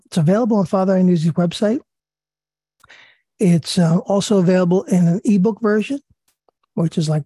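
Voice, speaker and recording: Male study leader, raspy and mellow, earnest reading with asides, dry sound. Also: high voice, dry recording. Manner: earnest, repeats himself, pauses with fillers. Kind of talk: religious study talk, reading and commenting.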